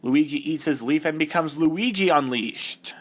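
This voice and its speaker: A man's voice: on the high side, normal speed, natural voice. A man voicing a cocky young male hedgehog hero, reading fan fiction aloud with sarcastic, exasperated mockery. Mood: mocking. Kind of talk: comedic fan-dub reading.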